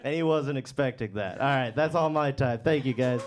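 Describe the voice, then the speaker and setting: A man's voice: medium pitch, background noise. A man from the South Shore of Massachusetts performing a stand-up set on a comedy club stage, self-deprecating and hesitant. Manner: self-deprecating, slow hesitant delivery with restarts.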